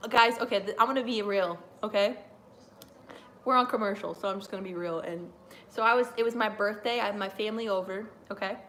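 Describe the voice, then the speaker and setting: A woman streamer chatting live during a wrestling watch-along, rambling and excitable with lots of fillers. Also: mid-range voice, a little fast, a little hiss or hum. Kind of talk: live reaction chat.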